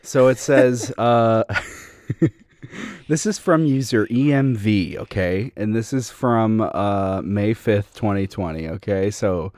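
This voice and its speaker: A man's voice: on the low side, slow pace, a little mellow. A young man co-hosting a casual chat, rambling and hesitant with lots of fillers. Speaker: podcast co-host.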